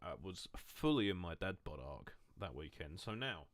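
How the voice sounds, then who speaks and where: A man's voice: deep voice, sing-song, normal speed, dry recording. A young man streaming from home, chatting casually to his viewers in a rambling, self-mocking way. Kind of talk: casual live-stream chat.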